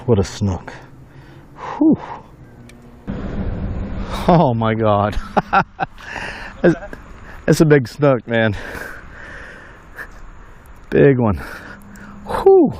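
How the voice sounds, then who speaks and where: Excitable middle-aged fisherman whooping outdoors. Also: lowish voice. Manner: excitable, whooping, folksy storytelling. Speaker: fishing vlogger. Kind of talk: casual fishing commentary. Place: outdoors on a bridge at night.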